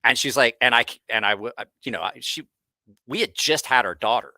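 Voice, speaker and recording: Bright-voiced man telling profane stories. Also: medium pitch, expressive, fairly quick, gravelly, dry recording. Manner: rambling, profane, frequent restarts. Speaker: host. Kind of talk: casual livestream storytelling.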